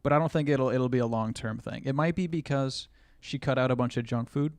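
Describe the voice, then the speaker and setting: A gravelly-voiced man riffs through a live reaction stream, mocking what he watches and laughing at chat. He sits close to a dry desk mic with a plain mid-range voice. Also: medium pitch, fairly quick, no echo. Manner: joking, crude, laughs often, reads chat aloud.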